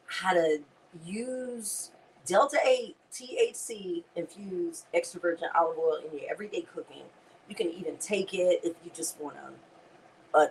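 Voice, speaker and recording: A woman's voice: fairly low pitch, a little hiss or hum, low-quality recording. A woman, chatting to viewers as she hosts a casual cooking demonstration. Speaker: cooking show host.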